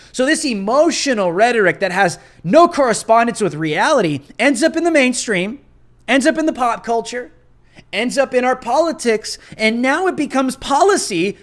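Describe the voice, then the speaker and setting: A man's voice: very high-pitched, fairly bright tone. A man hosting his own show, delivering combative, emphatic political commentary and hammering points through repetition. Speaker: host.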